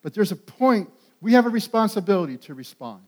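A pastor preaching a sermon, animated and emphatic. He rises to loud peaks and often repeats and restarts words. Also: high-pitched, a little fast.

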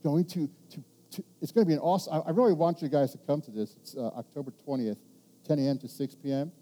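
A man preaching a sermon, animated and rambling, asking the congregation rhetorical questions and restarting his sentences. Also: on the high side, fast talker. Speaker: pastor.

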